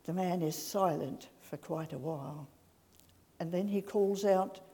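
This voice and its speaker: A woman giving a sermon in a gentle, slow storytelling way. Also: lowish voice, husky. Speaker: preacher. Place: large church. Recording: reverberant church hall.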